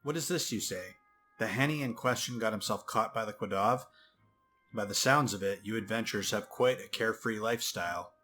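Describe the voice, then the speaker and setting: A man reading the lines of a stern, formal male nation president in a game, speaking in a measured way. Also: lowish voice, bright, forceful tone, soft background music.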